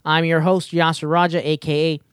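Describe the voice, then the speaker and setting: A man's voice: on the high side, little pitch movement, fairly quick, clear, resonant tone, no room sound, studio quality. Breathless man hosting a podcast. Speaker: podcast host. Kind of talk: casual chat.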